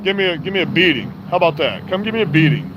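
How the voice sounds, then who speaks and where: A man's voice: on the high side, expressive, very fast, lo-fi sound, background noise. Profane ranting vlogger man outdoors. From Florida, USA. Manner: profane, blunt, rambling. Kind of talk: casual rant to camera.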